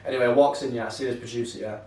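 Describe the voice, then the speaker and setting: A man's voice: medium pitch, steady tone, racing, darkish tone. A man, co-hosting a podcast and telling a long story in a rambling, sweary way, tagging lines with "yeah". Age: 20s. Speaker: podcast co-host. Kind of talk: casual chat, storytelling. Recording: roomy, mic set far off.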